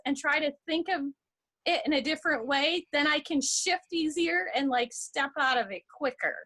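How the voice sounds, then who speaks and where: A woman's voice: high-pitched, moderate pace, sharp tone. A woman giving a heartfelt testimonial in a casual interview, rambling and restarting her sentences. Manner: emotional, rambling, restarts a lot.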